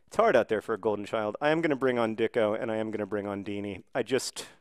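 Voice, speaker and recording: In a studio-quality recording with no echo, a lowish-voiced man speaks fast as he plays a video game. He's in his thirties, low on energy after being sick, and his wry, meandering commentary sometimes erupts into excited yelling.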